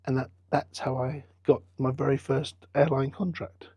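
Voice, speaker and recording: A middle-aged man, a business founder telling his story in an interview with lively quoted dialogue. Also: mid-range voice, normal speed, few pauses, slightly rough, no echo. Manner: chatty anecdotal storyteller, acts out quoted dialogue. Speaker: business founder and football club owner, guest.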